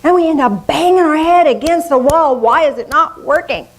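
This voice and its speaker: An older woman preaching a sermon in a lively, conversational way, often laughing at herself. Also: high voice, normal speed, rough recording. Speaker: minister.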